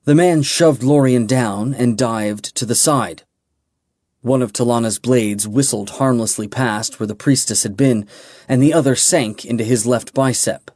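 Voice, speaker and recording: A man reading a fantasy audiobook in a measured, dramatic way. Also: mid-range voice, a little mellow, no echo, clean studio sound. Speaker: audiobook narrator. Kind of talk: scripted fantasy narration.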